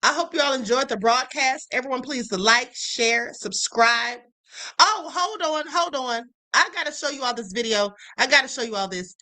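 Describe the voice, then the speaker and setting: Woman, middle-aged, livestream host; high, ringing voice, blunt chatter. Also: expressive, moderate pace, pushed and bright. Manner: blunt, swears freely, laughs often. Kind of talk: casual chat.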